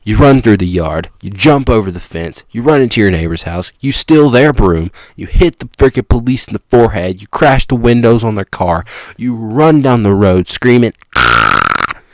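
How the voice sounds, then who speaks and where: This podcast host, a young man, rattles off an off-the-cuff comedic tale to his audience at normal speed. He's excited and meandering, with sudden spikes in pitch and loudness.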